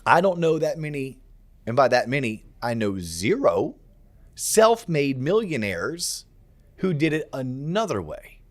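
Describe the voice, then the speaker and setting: Guy hosting a podcast, fired up, punchy, mid-pitch voice. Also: a little slow. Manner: energetic, emphatic, acts out quoted conversations. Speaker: podcast host. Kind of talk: casual podcast chat.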